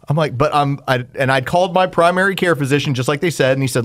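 A man hosting a comedy podcast, reading sponsor spots and recounting events step by step in a steady, methodical way. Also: fairly high pitch, quick pace, hardly any pauses. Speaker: podcast host and radio host. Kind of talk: casual comedic podcast talk.

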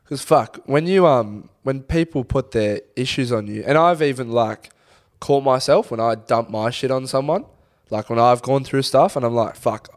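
A man's voice: mid-range voice, normal speed. A young man co-hosting a podcast, talking in blunt, sweary, laddish banter. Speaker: podcast co-host. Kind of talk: casual chat.

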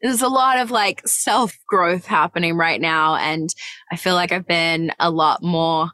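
A woman's voice: fairly low pitch, a little slow, pushed and bright, no echo. A woman in her thirties with an Australian accent tinged with an American twang, chatting in an interview as an actor guest, giggly and full of fillers and restarts. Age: 30s. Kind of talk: casual interview chat.

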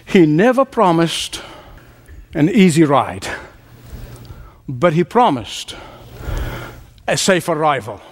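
A man's voice: a little high, big pitch swings, slow, pauses often. A man preacher giving a sermon, emphatic, repeating key phrases and laughing often.

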